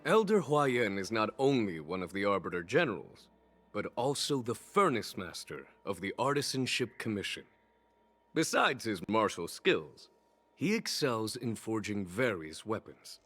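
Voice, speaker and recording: A man's voice: on the low side, big pitch swings, moderate pace, a bit bright, soft background music. An actor playing a friendly, courteous general in a video game who chuckles as he talks. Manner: cordial, chuckles often. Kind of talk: game voice acting.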